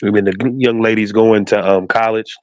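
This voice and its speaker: A man's voice: fairly low pitch, flat delivery, brisk, a little mellow, no echo, muffled recording. A man in his forties co-hosting a podcast, chatting casually and rambling with many fillers and asides. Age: 40s. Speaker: podcast co-host. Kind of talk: casual chat.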